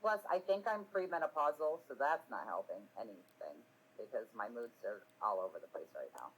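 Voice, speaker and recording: A woman's voice: rumbling low, expressive, brisk, slightly rough, low-quality recording. A woman in her forties chatting on a live stream, rambling and self-mocking, swearing freely and laughing often. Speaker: streamer hosting a live podcast. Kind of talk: casual live-stream chat.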